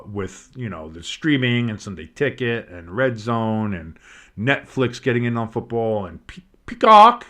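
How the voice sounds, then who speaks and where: A man giving casual play-by-play commentary on a game, rambling and swearing between plays and bursting out with excitement on big ones. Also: on the low side. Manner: rambling, swears, breaks off into nostalgic tangents. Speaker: play-by-play streamer.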